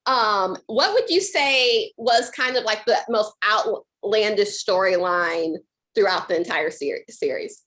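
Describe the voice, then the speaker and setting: A woman's voice: mid-range voice, lively intonation, measured pace, a bit bright. A young woman interviewing an actress, asking upbeat questions peppered with "like" and "kind of.". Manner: upbeat, filler-laden, "like" and "kind of".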